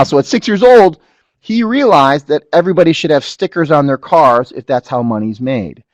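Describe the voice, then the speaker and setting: Man pitching a business webinar, dry close mic. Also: normal speed, no room sound. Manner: animated storyteller, asks the audience to agree. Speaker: webinar presenter.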